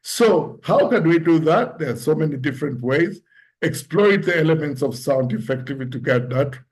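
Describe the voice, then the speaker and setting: A man giving an instructive talk on public speaking, explaining points deliberately and acting out example lines to show tone. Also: expressive. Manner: deliberate, demonstrates pitch and tone examples aloud.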